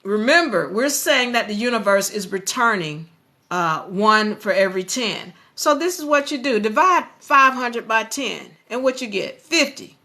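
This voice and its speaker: Bright-voiced woman hosting a live stream. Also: a little high, a little slow. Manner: animated, preachy, addresses viewers directly. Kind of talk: motivational live stream talk.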